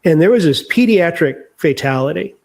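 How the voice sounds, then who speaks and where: A man's voice: a little high, expressive, moderate pace, creaky, a little mellow. An older man speaking candidly and reflectively as an interview guest, sharing his memories. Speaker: author guest.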